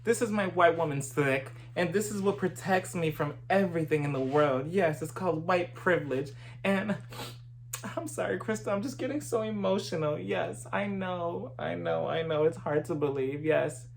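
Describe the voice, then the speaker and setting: A man voicing a wealthy woman who wallows theatrically in her own feelings, talking softly and dramatically. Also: on the high side, normal speed, a little hiss or hum. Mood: mock emotional. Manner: theatrical, wallowing, soft and breathy. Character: melodramatic self-pitying wealthy woman.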